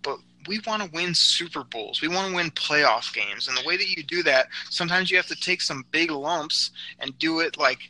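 A man with a slightly high, very bright voice, co-hosting a sports podcast. He argues his case point by point in a teasing, argumentative way. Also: animated, moderate pace, hardly any pauses, a little hiss or hum, rough recording. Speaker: podcast co-host. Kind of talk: casual sports podcast chat.

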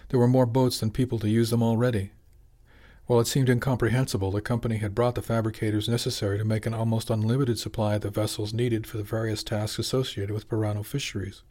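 A man narrating a novel in a steady, measured reading. His voice sits on the lower side. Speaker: audiobook narrator. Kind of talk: scripted narration.

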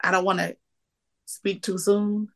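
A woman in her forties, a comedian guest on a podcast, talking in a lively, emotional way, laughing often and bursting into excitement. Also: mid-range voice, unhurried, vocal fry. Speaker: guest, comedian and keynote speaker. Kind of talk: casual podcast interview.

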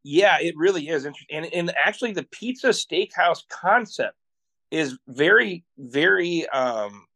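A man from Iowa, a podcast guest, telling travel stories in an animated, excitable way and laughing often. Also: a little high, moderate pace. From Iowa, USA. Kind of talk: casual interview storytelling.

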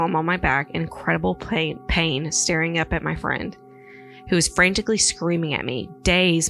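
A woman's voice: sits low, gravelly, fairly bright tone. A woman co-hosting a podcast, casually retelling paranormal stories in a rambling way with many fillers. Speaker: podcast co-host. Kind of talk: casual chat, storytelling.

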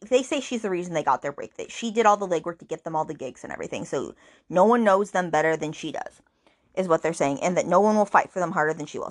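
A woman hosting a book podcast, recapping the plot in a chatty, rambling way with fillers and acted-out quotes. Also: fairly low pitch.

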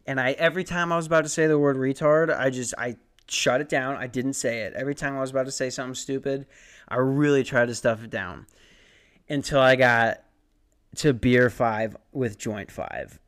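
A young man hosts his podcast alone, rambling loosely through a story with plenty of swearing and jokes at his own expense. His voice is smooth and resonant, sitting in a middle pitch. He sounds worn out from too little sleep. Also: normal speed, a bit bright. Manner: profane, self-deprecating, rambling. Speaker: podcast host. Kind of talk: casual rambling monologue.

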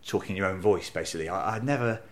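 A comedian and novelist from Bristol, England, swaps self-deprecating stories in a relaxed bar interview. He has a low-pitched voice and a fast delivery.

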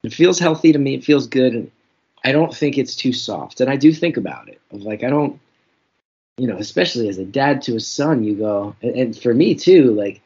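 A man talks frankly and reflectively as an interview guest, often poking fun at himself. His voice is breathy and husky. The recording sounds muffled and lo-fi. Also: medium pitch, animated, normal speed, dark tone. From New Jersey. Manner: reflective, self-deprecating, frank. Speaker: guest comedian. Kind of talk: candid interview storytelling. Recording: dull lo-fi recording.

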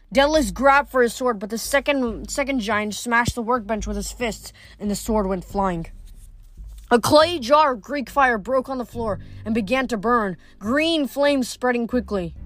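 A woman reading a novel aloud in a steady manner, with occasional slips and restarts. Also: on the high side. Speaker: reader.

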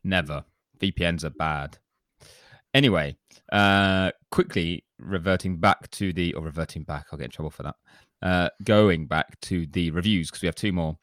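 Deep-voiced man hosting a chat. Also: moderate pace, a bit bright, no room sound, clean studio sound. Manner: chatty, self-deprecating, reads reviews aloud. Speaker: podcast host. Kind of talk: casual chat, reading listener reviews.

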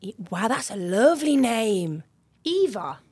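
A woman's voice: a little high, very animated, unhurried, darkish tone, slightly rough. A young woman co-hosting a podcast in casual chat, giggly and reading out listener messages. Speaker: podcast co-host.

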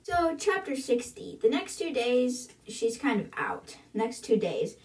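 A woman's voice: on the high side, big pitch swings, a little slow. A woman hosting a book podcast, casually retelling the chapters with lots of fillers. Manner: chatty, filler-heavy retelling. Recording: roomy, distant from mic.

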